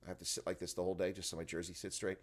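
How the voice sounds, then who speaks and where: Man with a very low voice, casual live-stream host, groggy, rambling, desk mic at home. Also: flat delivery, rapid-fire. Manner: rambling, talks to chat viewers. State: tired, groggy. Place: home, early morning. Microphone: desk microphone, volume turned up.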